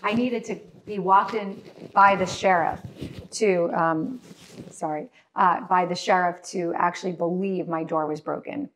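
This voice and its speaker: A woman's voice: fairly low pitch, a little slow, a little hiss or hum. A woman guest on a podcast, telling a personal story in an emotional, earnest way. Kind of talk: personal account in conversation.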